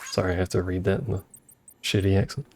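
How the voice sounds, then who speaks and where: Gravelly man chatting over gameplay. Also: deep voice, level tone, fast talker, darkish tone. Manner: joking, chatty, talks to chat. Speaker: streamer. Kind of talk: casual gameplay commentary. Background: faint game music.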